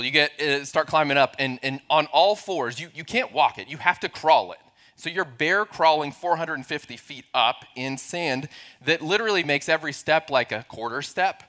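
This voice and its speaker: A man in his forties preaches a sermon with humorous, self-deprecating storytelling. His voice sits a little high and rings bright and forceful. He acts out the others in his story as he goes. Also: animated, normal speed. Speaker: pastor.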